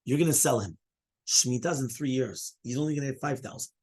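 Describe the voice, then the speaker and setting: Husky-voiced rabbi teaching a Talmud class. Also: male voice, mid-range voice, fast talker, darkish tone. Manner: explains step by step, often checks in with "right?"; fields questions and interruptions from students.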